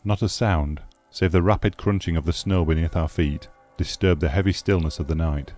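Deep-voiced man narrating a ghost story. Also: normal speed, faint music behind. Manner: steady, grave storytelling. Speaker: audiobook narrator. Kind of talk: scripted narration.

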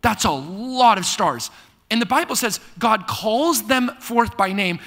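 A young man preaching a lively sermon to a live audience, joking and asking them to repeat lines after him. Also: sits high, unhurried. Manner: energetic, playful preaching with call-and-response jokes. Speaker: pastor. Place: church hall before a live audience. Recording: long reverb of a hall.

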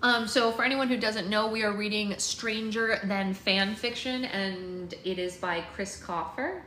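A woman's voice: medium pitch, steady tone, unhurried, sharp tone. A woman hosting a book club livestream from home, chatting in a rambling way with viewers and reading aloud. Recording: roomy echo, faint noise.

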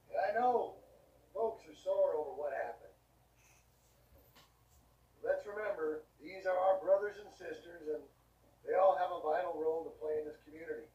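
An actor playing a calm, menacing male camp leader who talks in a measured, sermon-like way. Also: on the high side, natural voice. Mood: preachy. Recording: game audio, roomy, distant, muffled, faint hiss.

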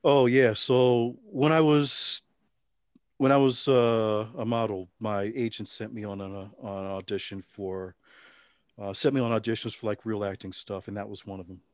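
Brief: middle-aged man, lowish voice, dry close sound, wry relaxed anecdotes. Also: moderate pace, dry recording. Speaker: interview guest. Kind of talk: casual storytelling interview.

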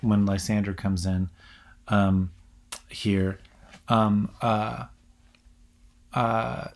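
A man delivers a recorded lecture on poetry in a somewhat low voice. He talks haltingly, full of ums and restarts, and reads short verse lines aloud as he goes. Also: gravelly.

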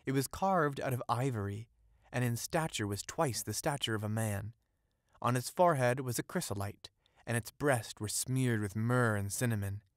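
A man narrating an audiobook of a classic fairy tale, in a steady, ornate storytelling read on a close mic. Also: mid-range voice, moderate pace, no echo.

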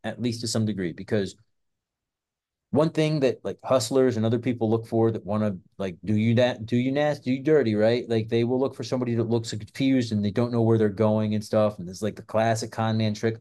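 A man's voice: fairly low pitch, fairly quick, warm tone. A man hosting a self-defense channel, talking in a rambling, casual monologue full of fillers and swearing. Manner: rambling, profane, filler-heavy.

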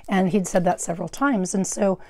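A middle-aged woman with a naturally loud voice hosting a craft tutorial, chatting through each step with asides and self-corrections on a wearable mic at her workstation. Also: medium pitch, fairly quick. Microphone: wearable microphone.

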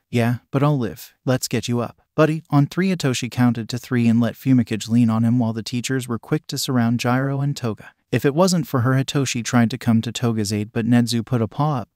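A man reads a fan story aloud as a steady, even narration. His voice sits at a middling pitch with little emotion in it. The recording is dry and close, with no room sound around him. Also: dry recording.

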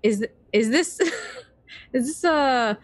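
A woman's voice: high-pitched, lively intonation, slow, no echo. A woman playing a tabletop game, asking tentative questions in casual talk. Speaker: player.

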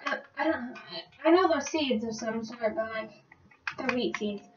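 A woman's voice: on the high side, normal speed, a little hiss or hum. A woman giving casual, rambling gameplay commentary, easily startled and muttering to herself. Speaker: gameplay vlogger. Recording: roomy, distant, dull lo-fi recording.

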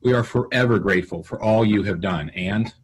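A man presiding over a council session, reading a formal resolution in a measured cadence. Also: on the low side, breathy edge, rough recording.

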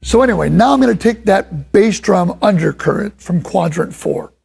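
Very gravelly, husky man teaching drums. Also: sits high, animated, normal speed, a little mellow, soft background music. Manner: enthusiastic, rambling, vocalizes drum rhythms. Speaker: drum instructor. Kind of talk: casual spoken drum lesson.

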